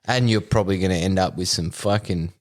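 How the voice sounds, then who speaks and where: A man co-hosting a casual podcast, swearing freely and talking in halting stops and starts. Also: deep voice.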